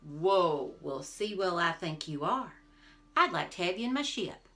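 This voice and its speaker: A woman's voice: fairly low pitch, animated, a little slow, fairly bright tone. A woman voicing Jack, a clever young male folk hero, calling out cheerfully and confidently in a storybook read-aloud. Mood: eager.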